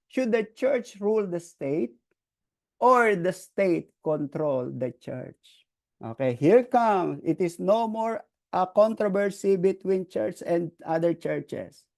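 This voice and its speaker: Gravelly man lecturing with lots of "okay". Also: high-pitched, measured pace. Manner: frequent "okay" checks, restarts. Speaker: teacher. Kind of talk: history lecture.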